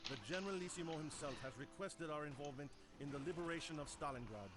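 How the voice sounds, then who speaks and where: A man's voice: on the high side, fast talker, background noise, lightly acted. A man voicing a stern Soviet tank commander. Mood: rousing. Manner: rousing, formal briefing. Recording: game cutscene under loud music.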